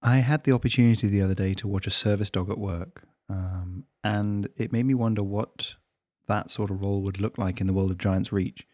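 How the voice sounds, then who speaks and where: Low-voiced man reading his story. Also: fairly even intonation, fairly quick, darkish tone, no echo, clean studio sound. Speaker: author and narrator.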